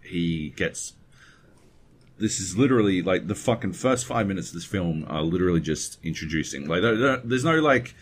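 A man's voice: low voice, expressive, moderate pace, slightly rough. A man co-hosting a podcast, rambling casually and swearing freely as he talks into a webcam setup. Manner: profane, rambling, digressive. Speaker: podcast co-host. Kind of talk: casual chat. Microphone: webcam setup at home desk.

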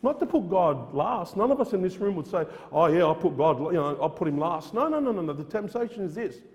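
A man delivers a sermon with earnest insistence, circling back on his key phrases and reading scripture in its old wording. His voice is high for a man yet mellow in tone. It rings through a church with a long, lingering reverb. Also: sing-song, brisk, muffled recording. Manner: earnest, repeats phrases for emphasis, with frequent restarts; quotes King James scripture aloud. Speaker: preacher.

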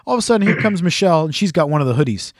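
A man's voice: fairly high pitch, expressive, racing, no room sound, studio quality. A man hosting a casual chat, telling a rambling, profane, jokey story. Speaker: podcast host.

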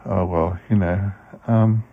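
A man's voice: low voice, fairly even intonation, slow, creaky. A man hosting a podcast, playing himself in a comedy sketch and talking in a hesitant, stammering way. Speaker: podcast host. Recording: dull lo-fi sound, faint music.

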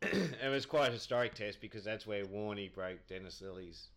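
A man's voice: fairly low pitch, moderate pace, vocal fry, fairly bright tone. A man, a podcast guest telling cricket anecdotes in a rambling, chatty way, laughing often.

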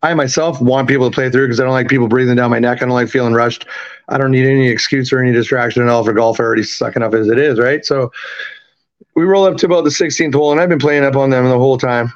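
A man in his fifties, raised in Canada, telling a story in a casual, profane, animated way and acting out the quotes. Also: medium pitch, quick pace, dull audio. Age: 50s. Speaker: podcast guest.

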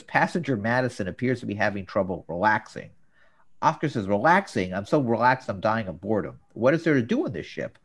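A man hosting a casual talk show, recapping scenes and jumping into quoted lines with an animated delivery. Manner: animated, jumps up in pitch for quoted characters. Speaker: podcast host.

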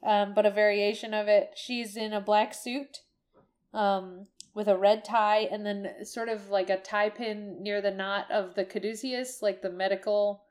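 A woman's voice: mid-range voice, fairly even intonation, measured pace, darkish tone. A woman co-hosting a podcast, chatting casually as she recaps a video game, with frequent ums and restarts. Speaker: podcast co-host.

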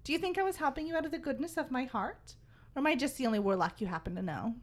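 A woman's voice: high-pitched, lively intonation, very fast. Magnus, a haughty warlock, read by a woman. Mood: stiff, cool. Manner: reading aloud from a book, stiff and cool. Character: haughty male warlock, proud and aloof.

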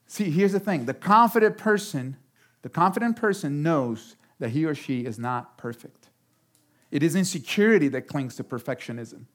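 A man preaching a sermon as pastor, talking in an animated way and jumping up in pitch for emphasis. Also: moderate pace. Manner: animated, jumps high for emphasis.

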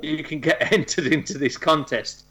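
Giggly podcast guy explaining a contest, slightly high voice. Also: normal speed, fairly bright tone. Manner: giggly, self-deprecating, loose explaining. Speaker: podcast co-host.

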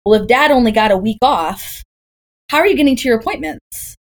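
A woman's voice: fairly high pitch, expressive, brisk. A woman in her thirties from Wisconsin, a doula guest on a podcast, talking in a chatty way full of stories and rhetorical questions. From Green Bay, Wisconsin, USA. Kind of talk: casual podcast conversation.

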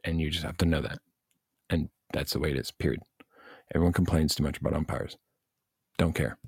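A man's voice: rumbling low, brisk, creaky, husky, dry recording, clean studio sound. A man giving blunt, profane coaching advice in a casual rant, speaking as a youth baseball coach and parent. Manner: blunt, profane, animated venting.

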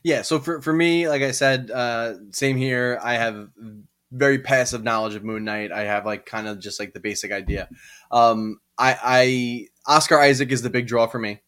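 A man with a mid-range, fairly bright voice at normal speed co-hosts a podcast, rambling hesitantly in casual chat full of fillers and restarts.

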